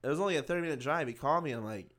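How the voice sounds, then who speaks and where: A man's voice: a little high, expressive, racing, a bit bright. A young man co-hosting a podcast, chatting casually in slangy, profane speech that gets riled up easily. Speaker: podcast co-host. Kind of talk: casual chat.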